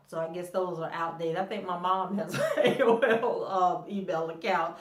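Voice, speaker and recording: A woman's voice: medium pitch, a little fast, hardly any pauses, roomy sound. A middle-aged woman hosting a casual TV episode recap. She is chatty, laughs often, and acts out quotes from the characters. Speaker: TV recap host.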